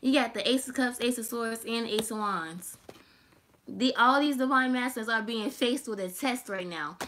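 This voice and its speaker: Bright, high-voiced woman reading tarot. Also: normal speed, a little hiss or hum. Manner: animated, laughing, profane and teasing. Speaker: tarot reader.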